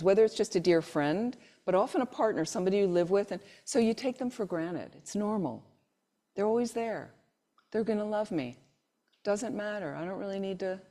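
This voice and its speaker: A woman's voice: lowish voice, warm tone. A woman giving a Buddhist teaching to a live group, telling stories and acting out the people in them, and asking her listeners questions. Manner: storytelling, acts out the people in her anecdotes; asks the audience questions directly. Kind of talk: dharma talk to a live group. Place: meditation centre hall.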